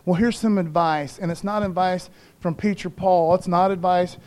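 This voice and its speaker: A man's voice: high voice, steady tone, normal speed, darkish tone. A man pastor giving a casual, conversational sermon to a church and a TV audience, calling out to the listeners. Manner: conversational preaching with call-outs to the congregation. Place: church broadcast.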